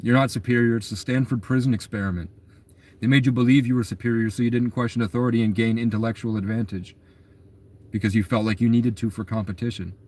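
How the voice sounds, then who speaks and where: A man's voice: medium pitch, fairly even intonation, fast talker, a little mellow. A young adult man telling a long story in a rambling, agitated way, in a casual monologue.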